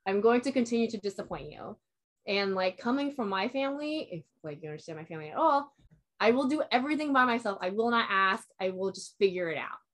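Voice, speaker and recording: A woman's voice: medium pitch, expressive, quick pace, fairly bright tone. A young woman in casual chat, telling a long personal story in a rambling way, filling it with "like" and quoting herself and others.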